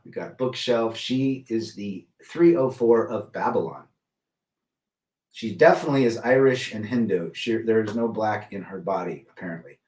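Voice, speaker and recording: A man's voice: fairly low pitch, expressive, normal speed, a little mellow. Blunt man in an echoey room. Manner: blunt, opinionated, greets chatters by name. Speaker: livestream host reading chat. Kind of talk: casual livestream chat. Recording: roomy echo, mic at a distance.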